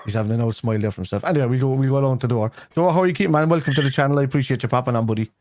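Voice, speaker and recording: A man's voice: mid-range voice, racing, a little mellow, no echo. A man hosting a casual football livestream chat, chatty and friendly with his guests. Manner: chatty, calls everyone lad. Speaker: host.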